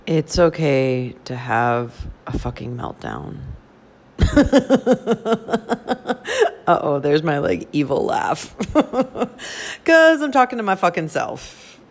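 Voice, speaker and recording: Woman host, unfiltered profane vent, slightly low voice, tired and laughing. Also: very animated, slow. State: tired and overwhelmed. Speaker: podcast host. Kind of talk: casual venting monologue.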